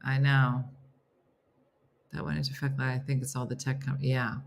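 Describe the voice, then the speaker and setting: A woman's voice: very deep voice, completely flat delivery, normal speed, vocal fry, a little hiss or hum. A middle-aged woman hosting a casual live morning chat, laughing often and talking playfully to her viewers. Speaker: host of a live morning show.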